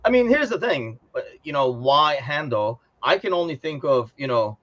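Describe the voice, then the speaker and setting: A man rambling through a casual football chat on a podcast. He talks in an animated way and laughs now and then. The audio sounds a little dull and lo-fi. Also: a little high, normal speed. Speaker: podcast co-host.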